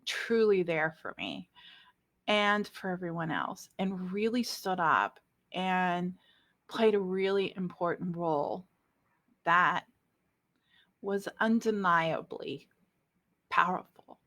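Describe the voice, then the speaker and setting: A middle-aged woman speaking candidly to her viewers about forgiveness and spirituality, confiding and close to tears, with many pauses and fillers. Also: lowish voice, a bit bright. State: emotional, near tears. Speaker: spiritual vlogger. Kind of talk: personal spiritual talk to camera.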